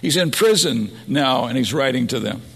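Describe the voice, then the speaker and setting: Male pastor, gravelly and husky, earnest sermon delivery, long hall reverb. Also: mid-range voice, animated, moderate pace. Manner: earnest preaching, rising to emphasis.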